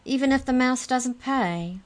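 A high, pleading little girl, trembling with fear as she begs her captors, as a woman reads her in a storybook. Her voice climbs well above the reader's own and wavers. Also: measured pace. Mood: frightened. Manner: pleading, tremulous. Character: small frightened captive girl.

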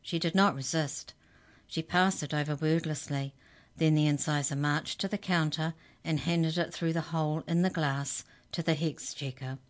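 A woman reading a children's story aloud with calm, measured narration. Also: low-pitched.

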